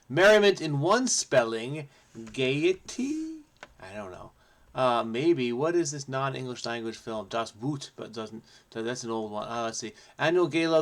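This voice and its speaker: A man hosting a crossword video, thinking aloud as he solves, playful and energetic, muttering to himself between clues. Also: mid-range voice. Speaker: crossword solving channel host. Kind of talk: thinking aloud while solving a puzzle.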